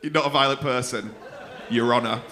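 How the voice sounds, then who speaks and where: A man's voice: mid-range voice, fairly even intonation, a little fast, bright, forceful tone. A man hosting a comedy club night, swearing freely and teasing audience members. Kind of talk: stand-up crowd work.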